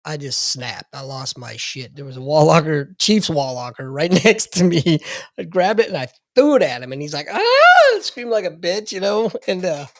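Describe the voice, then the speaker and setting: Blunt veteran man, slightly high voice. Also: animated, moderate pace, gravelly, dry recording, studio quality. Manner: blunt, profane, laughing. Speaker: podcast co-host, military veteran. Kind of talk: casual storytelling chat.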